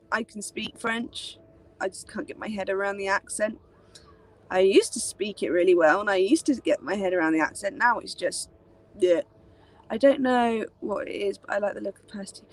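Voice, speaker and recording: A young British woman chatting casually on a live stream, rambling with many fillers. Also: mid-range voice. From Britain. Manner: rambling, many ums and likes. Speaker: live chat host.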